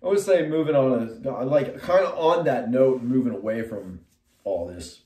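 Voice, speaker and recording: A middle-aged man with a mellow, darker voice tells a rambling personal story to camera. He drifts off on tangents, restarts his sentences and leans on fillers, then jumps up high and loud when he acts out what he said. The room is echoey and he sits some way back from the mic. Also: normal speed. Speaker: metal musician and artist. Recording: roomy sound from a distant mic.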